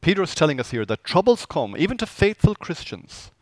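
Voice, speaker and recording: A man's voice: on the high side, big pitch swings, fairly quick, dry recording. A man preaching a conversational sermon as pastor, asking the congregation rhetorical questions.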